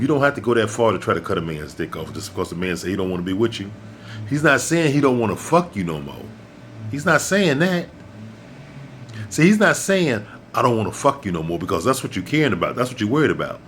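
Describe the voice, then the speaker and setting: A man delivers a blunt, profane rant straight to his listeners. He lectures like a preacher and hammers points home by repeating them. His pitch swings widely, and a faint rumble sits under the recording. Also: big pitch swings, fast talker, fairly bright tone. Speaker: host. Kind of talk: ranting monologue to camera.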